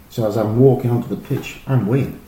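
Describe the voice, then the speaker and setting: A middle-aged man, a former footballer, telling animated, rambling stories full of fillers and restarts. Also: mid-range voice, normal speed. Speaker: former professional footballer, guest. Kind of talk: casual anecdotal storytelling. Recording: roomy echo with faint noise.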